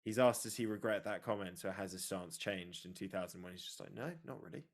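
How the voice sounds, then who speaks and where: Deep-voiced and fairly quick, a young male podcast co-host chats casually. He spins animated stories, voicing the quotes as he goes.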